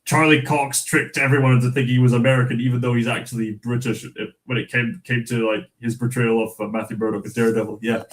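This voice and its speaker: A young Scottish man hosting a casual livestream, halting and full of fillers, answering chat comments and reading from a magazine. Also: medium pitch, flat delivery, rough recording. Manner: rambling, halting, with many fillers and restarts. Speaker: livestream host.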